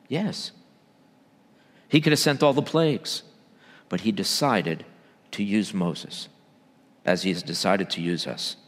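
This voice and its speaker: Man preaching in a reverberant hall. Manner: swings between loud emphatic bursts and low quiet asides. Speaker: church elder preaching. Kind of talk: sermon.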